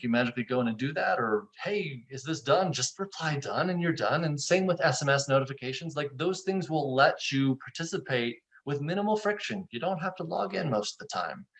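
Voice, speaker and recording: Animated man hosting a webinar. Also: medium pitch. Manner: animated, playful, acts out quotes. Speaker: webinar host, software founder. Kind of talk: conversational webinar presentation.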